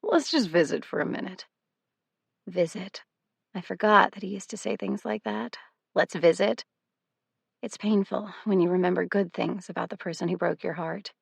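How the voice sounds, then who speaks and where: A woman reading a first-person novel aloud as an audiobook narrator, in a wry, measured storytelling manner. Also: mid-range voice, vocal fry, no echo.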